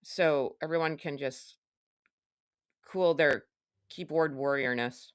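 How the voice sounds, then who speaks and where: A woman's voice: low-pitched, slow, clear, resonant tone, no echo, studio quality. A woman hosting a casual celebrity gossip livestream, chatty and sarcastic as she talks to her viewers. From Canada. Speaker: livestream host.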